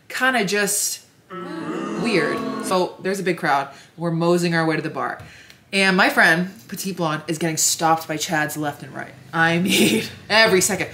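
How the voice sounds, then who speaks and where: A young woman telling a story to camera in a casual, chatty way, with lots of fillers and animated asides. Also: fairly low pitch, a little fast. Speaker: vlogger.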